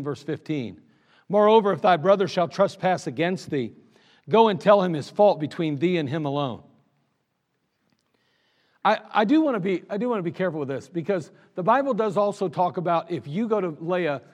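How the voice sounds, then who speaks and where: A man's voice: a little high, darkish tone. A man preaching a sermon as pastor, in a conversational style, reading scripture aloud and acting out little everyday scenes. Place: church sanctuary. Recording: long reverb of a church sanctuary.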